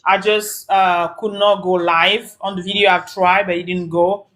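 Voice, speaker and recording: Bright-voiced woman coaching moms. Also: fairly low pitch, level tone, a little slow. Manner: repetitive, earnest, preachy; greets viewers by name mid-talk. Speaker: host and mom coach. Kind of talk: motivational live-stream talk. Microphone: phone, audio-only live.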